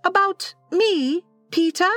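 A woman playing a gentle young girl, high and lively. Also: slow pace, no room sound, faint music behind, heavily acted. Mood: pleading. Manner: soft, pleading, earnest. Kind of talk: audiobook dramatization.

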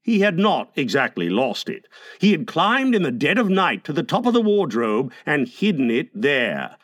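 A man narrating a classic children's story in a measured, expressive way. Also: on the high side.

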